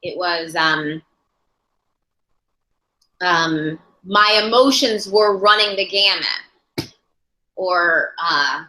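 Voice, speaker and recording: A woman's voice: fairly low pitch, extremely slow, long pauses, pushed and bright. A woman teaching a class on interpreting, talking things through thoughtfully with frequent restarts. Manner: thoughtful, searching for words, many restarts. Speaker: ASL interpreting instructor. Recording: echoey room.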